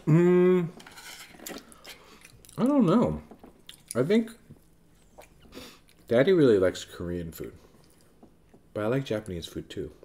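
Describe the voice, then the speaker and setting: Easygoing man in his thirties, slow and mellow, chatty family vlog host, lively intonation. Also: medium pitch. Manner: gentle, patient, talking to a child between bites. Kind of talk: casual family chat while eating.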